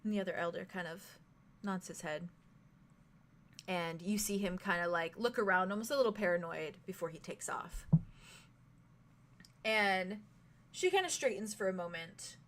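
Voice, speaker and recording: Young woman, game master, tabletop game narration, bright voice, halting delivery. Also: fairly low pitch, slight background noise. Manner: halting, full of fillers and giggles.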